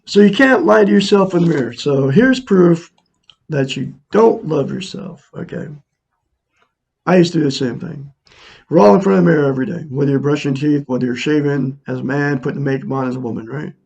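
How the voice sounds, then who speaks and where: A man's voice: fairly high pitch, fairly quick, vocal fry, a little mellow, husky. A man in his sixties earnestly talking to viewers in a casual, repetitive, preachy monologue. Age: 60s. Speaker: self-help vlogger. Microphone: camera mic, looking into a mirror.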